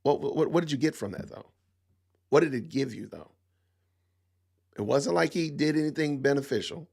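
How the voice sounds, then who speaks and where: A man's voice: medium pitch, normal speed, vocal fry, a little mellow, breathy edge. A middle-aged man hosting a podcast, giving opinionated commentary with emphatic rhetorical questions and lots of repetition. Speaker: podcast host.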